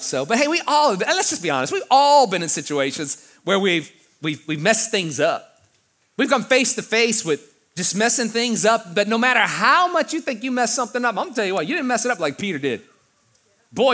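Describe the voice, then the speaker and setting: Guy preaching, high bright voice, gets loud then drops way down. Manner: animated, with big swings of loudness. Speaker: pastor. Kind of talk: storytelling sermon.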